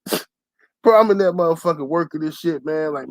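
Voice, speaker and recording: A man's voice: a little high, fairly quick, dry recording. Profane heated man telling a story. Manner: loud, profane and heated, often shouts in quoted lines. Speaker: channel host. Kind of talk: profane storytelling rant to camera.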